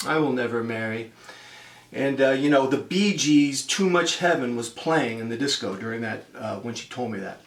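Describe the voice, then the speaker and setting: A man's voice: mid-range voice, moderate pace, vocal fry, hardly any pauses, echoey room, distant mic. A man in his fifties from the United States telling a travel story in a chatty vlog, acting out the people he quotes. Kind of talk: casual spoken storytelling.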